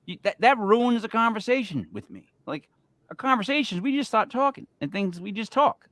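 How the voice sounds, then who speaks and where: An animated man hosts a casual podcast chat, his pitch swinging widely as he repeats words to push his point home. The sound is close and dry, with no room echo at all. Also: moderate pace. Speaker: host.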